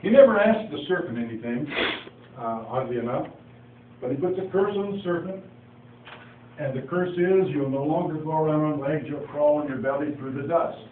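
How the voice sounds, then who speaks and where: A man's voice: a little high, normal speed, narrow, tinny audio. A man giving an informal Bible teaching, telling the story in a folksy way and acting out the dialogue with asides. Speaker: preacher. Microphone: phone. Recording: echoey, distant phone recording with faint noise.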